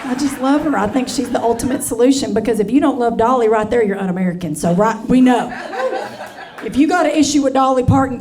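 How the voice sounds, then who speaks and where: A woman's voice: on the high side, fast. Brassy woman comic over crowd laughter. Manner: brassy, chatty, addresses the crowd as honey and y'all. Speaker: stand-up comedian. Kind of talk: stand-up comedy set. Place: comedy stage before a live audience. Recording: live comedy show with crowd laughter.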